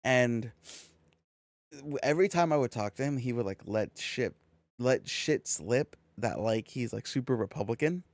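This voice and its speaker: A young man from California telling a rambling story on a podcast, full of swearing and quoted back-and-forth. His voice sits at an ordinary middle pitch. The sound is very dry and close, with no room around it. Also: lively intonation, normal speed, no room sound. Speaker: podcast co-host. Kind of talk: casual storytelling chat.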